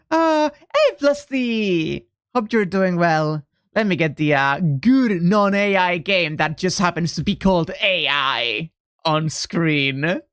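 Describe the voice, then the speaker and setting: A woman's voice: fairly low pitch, lively intonation, takes it slowly, no echo, clean studio sound. A woman streaming a video game, chatting casually, joking and swearing as she plays. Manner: profane, joking, laughs often. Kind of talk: casual gameplay commentary.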